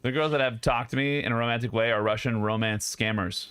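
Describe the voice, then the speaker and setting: A young man hosts a stream, joking and laughing as he rambles to his viewers. His voice is bright and forward. The sound is dry and close. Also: mid-range voice, fast talker, hardly any pauses, no echo. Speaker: streamer host. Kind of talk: casual chat with stream viewers. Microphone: studio mic.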